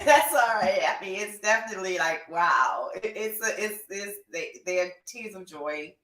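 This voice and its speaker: A woman's voice: fairly low pitch, expressive, unhurried, fairly bright tone. A young adult woman hosting a podcast, chatting casually and effusively while reading out viewer comments. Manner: gushing, effusive, emotional. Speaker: podcast host and reptile breeder. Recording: echoey room, distant mic.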